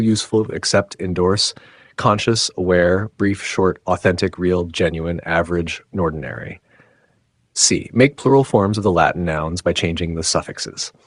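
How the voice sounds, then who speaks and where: A man's voice: low voice, no echo. A man teaching an English exam lesson, reading out word lists and explanations and giving Urdu translations. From Pakistan. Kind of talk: exam-prep lesson narration.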